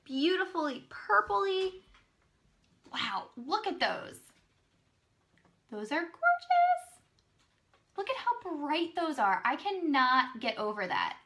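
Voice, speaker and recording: A woman hosting a live online sales show, gushing and exclaiming excitedly as she presents each item. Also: high-pitched, slow. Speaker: live-stream pearl seller.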